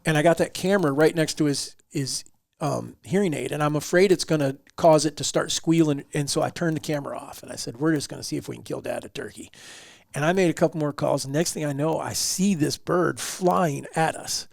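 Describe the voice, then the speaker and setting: Gravelly-voiced man telling a story. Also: fairly high pitch, brisk, no room sound, studio quality. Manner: animated, acts out quotes in the story. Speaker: podcast host. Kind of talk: casual storytelling.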